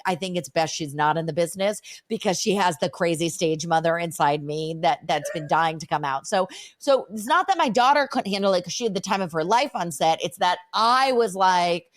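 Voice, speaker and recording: Animated woman host telling a story. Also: medium pitch, brisk, no echo. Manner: lively, acts out quoted voices, many "like" fillers. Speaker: podcast host. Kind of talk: animated storytelling in casual chat.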